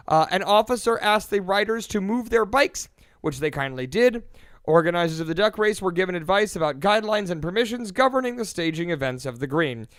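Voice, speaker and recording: High-voiced man reading mock news deadpan. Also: brisk, smooth, dry recording, studio quality. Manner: deadpan, self-important anchor delivery. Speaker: podcast co-host reading a news segment.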